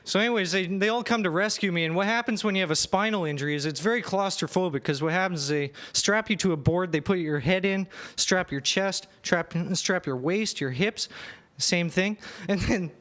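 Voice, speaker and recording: A young man performs stand-up on a small club stage, his voice notably high and light. He pokes fun at himself and keeps chuckling through his own lines, speaking into a handheld mic. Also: a little fast, fairly bright tone. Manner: self-deprecating, laughing through his lines. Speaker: stand-up comedian and emcee. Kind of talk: stand-up comedy set.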